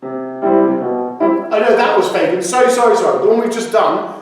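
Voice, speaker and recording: A man with a Surrey accent runs a cheerful singalong lesson, breaking off from singing to explain the lyrics. His voice sits high and swings widely. He sounds set back from the mic in a very echoey room, with loud piano under him. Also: lively intonation, unhurried, far from the mic. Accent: Surrey English. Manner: explains lyrics between sung lines, cheerful and chatty. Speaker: singing teacher. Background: piano accompaniment.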